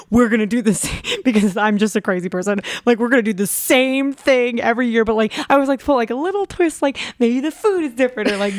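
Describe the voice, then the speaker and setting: A young woman from Florida chatting casually, bubbly and quick with lots of exclamations. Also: a little high, dry recording, clean studio sound. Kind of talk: casual chat.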